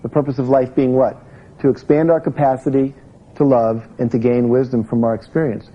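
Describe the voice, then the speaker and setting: A man leads a live motivational self-help seminar for a room full of people, talking conversationally and asking the audience questions. His voice is medium-pitched and fairly even in intonation, a little fast, with lo-fi sound.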